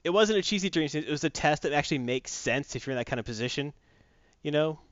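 Man, casual podcast chat, animated storyteller, dry sound, slightly muffled recording. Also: a little high, fast, no room sound. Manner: animated, acts out characters' lines.

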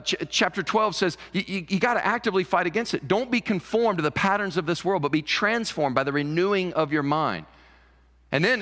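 In a church sanctuary, a pastor preaches a sermon to his congregation in a voice pitched slightly high for a man. He speaks animatedly, repeating words as he builds to a point, and the big hall leaves a long reverb trailing each phrase.

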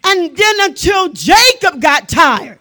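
A woman preaching a sermon with fervent emphasis, building to loud exclamations and sometimes dropping to a hush. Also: extremely high pitch, big pitch swings, slow. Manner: drops to hushed tones for dramatic effect.

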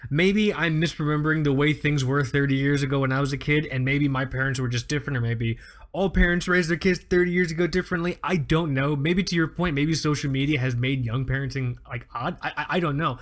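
A man in his thirties with a fairly high voice talks briskly as he co-hosts a podcast. In their casual comedic chat, he tells animated, exaggerated stories laced with profanity.

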